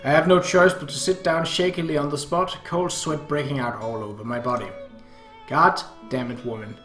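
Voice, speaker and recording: A man's voice: fairly high pitch, brisk, a bit bright. A man narrating a story in first person with a tense, urgent delivery, recorded in a roomy space with faint music.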